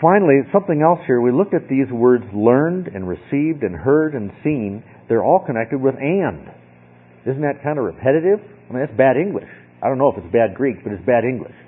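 A man's voice: mid-range voice, lively intonation, normal speed, slightly rough. A man teaching a Bible lesson in a conversational way, often checking in with "okay?". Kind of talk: sermon. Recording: tinny phone-like sound.

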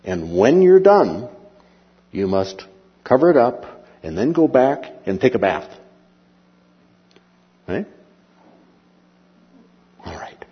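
A man giving a slide lecture on history, rambling with many pauses and fillers and asking and answering his own questions. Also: medium pitch, sing-song, slightly rough, in a large hall, highs cut off.

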